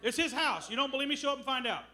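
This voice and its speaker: A middle-aged man preaching a sermon as a missionary, telling stories with loud bursts. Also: extremely high pitch, very fast, some chatter behind. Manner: animated storytelling with loud bursts.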